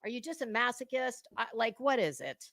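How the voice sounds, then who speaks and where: Scathing high-voiced woman lecturing, dry sound. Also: animated, a little fast, a bit bright, dry recording. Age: middle-aged. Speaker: commentary channel host. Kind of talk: profane drama commentary.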